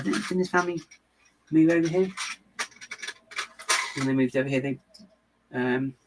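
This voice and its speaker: A low-voiced man chats loosely while snapping bricks together, his talk wandering and self-mocking. He chuckles easily. A steady background noise sits under the recording. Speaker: LEGO builder and channel host. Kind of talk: casual chat while building, replying to viewers.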